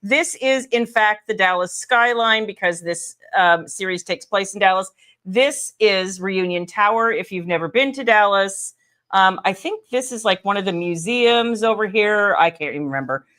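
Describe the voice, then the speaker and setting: A woman's voice: medium pitch, fairly bright tone. A woman hosting her own livestream, chatting casually with viewers and teasing her co-host. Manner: chatty, teasing, quick asides.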